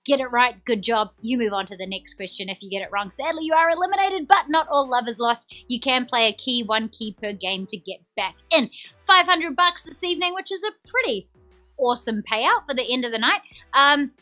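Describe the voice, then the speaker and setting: A young woman with a New Zealand accent hosts a live trivia stream, chatty and upbeat as she reads out viewers' comments. Her voice sits high and sounds bright and sharp. Soft music plays faintly behind her. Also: animated, a little fast. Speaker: quiz show host.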